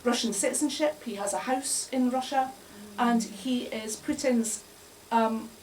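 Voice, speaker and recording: Her voice is on the high side with a darkish tone, and she speaks a little slowly. Performing indoors before a bar audience, she gives a wry, chatty comic talk, frequently laughing at her own jokes. It was recorded on a distant mic with faint room noise.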